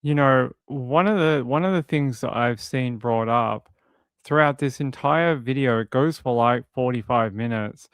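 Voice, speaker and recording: Man, casual livestream commentary, rambling and conversational, smooth clear voice, dry close mic. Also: medium pitch, measured pace, dry recording. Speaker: true crime streamer.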